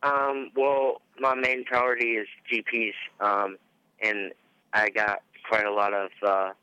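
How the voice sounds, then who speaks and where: A man's voice: on the low side, level tone, slow pace, bright, forceful tone, clear, resonant tone, no room sound. A male racer talking as a guest on a radio show, hesitant and full of ums. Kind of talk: casual radio interview. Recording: dull dry radio recording.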